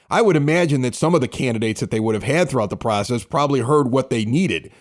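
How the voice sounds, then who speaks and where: Animated ranting man, lively pitch. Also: quick pace, hardly any pauses. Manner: animated, ranting, acts out others' words. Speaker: podcast co-host. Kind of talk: casual sports talk.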